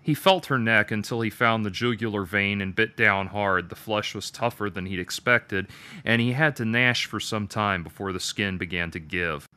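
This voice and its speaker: A man reading his own dark story aloud with a measured, detached delivery. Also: lowish voice, clean tone. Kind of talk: dramatic story narration.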